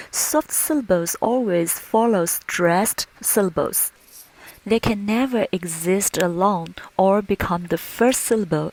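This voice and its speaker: A woman teaching a language lesson slowly and patiently, modelling sounds with clear, deliberate speech. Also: low-quality recording. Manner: clear, deliberate, models each tone with exaggerated pitch. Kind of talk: slow, patient pronunciation lesson with drills.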